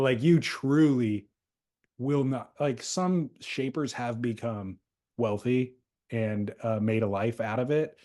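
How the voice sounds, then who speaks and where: A man's voice: medium pitch, a little mellow. A man hosting a podcast, chatting casually about surfboards in a loose, rambling, thoughtful way with restarts. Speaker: podcast host. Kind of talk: casual chat.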